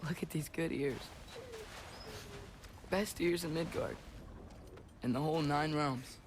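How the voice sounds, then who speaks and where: An earnest teenage boy, video game, slightly high voice, unhurried, ambient noise behind. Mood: tender. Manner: soft and tender with animals. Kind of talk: video game cutscene acting.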